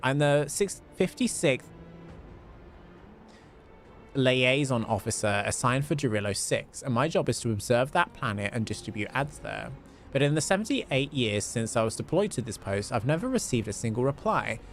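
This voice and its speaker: A chirpy alien appliance salesman, read aloud by a man, pitching his deals in a casual way. The voice bounces around in pitch and has a gravelly edge. Quiet game music sits underneath. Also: sing-song, normal speed.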